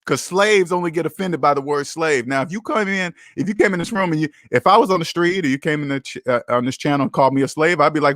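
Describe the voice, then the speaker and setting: A man's voice: fairly high pitch, quick pace, hardly any pauses, a bit bright, no room sound, studio quality. A man hosting a casual livestream, talking bluntly and emphatically, with profanity and lots of repetition. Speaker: livestream host.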